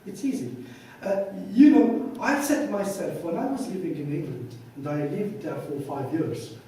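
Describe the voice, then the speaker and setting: A male lecturer with a high, mellow, expressive voice gives a conference lecture full of anecdotes, telling stories and acting out both sides of the dialogue at normal speed. He is heard from far off in a very echoey hall, with faint background hiss.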